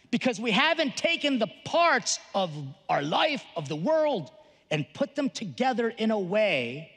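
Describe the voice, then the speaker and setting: Male priest speaker, bright high voice, animated delivery, joking teacher, echoing large hall. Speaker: Catholic priest and conference speaker. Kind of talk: lively conference talk. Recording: long reverb of a large hall.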